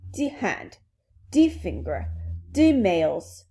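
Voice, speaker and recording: A woman's voice: medium pitch, very animated, moderate pace, warm tone, natural voice. A woman voicing an eager young French princess who carefully sounds out English words. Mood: earnest.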